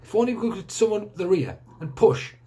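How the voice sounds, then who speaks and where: A man's voice: high-pitched, expressive, quick pace, dark tone, voice pushed up. A man voicing an elderly grandfather who gives orders like a wartime officer. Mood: commanding. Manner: commanding, rallying, mock-military. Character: old man, bossy wartime commander type.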